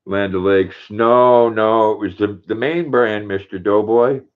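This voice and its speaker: An older man with a fairly low voice hosts a relaxed livestream, chatting easily and cooing fondly to his dog between viewer comments. The sound is thin and tinny, like a phone call. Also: measured pace, smooth. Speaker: livestream host. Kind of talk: casual livestream chat.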